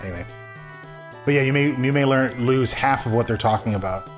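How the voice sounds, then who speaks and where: A man's voice: medium pitch, brisk, soft background music. A man co-hosting a casual gameplay video, rambling and restarting his sentences and reading game text aloud. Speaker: let's play co-host.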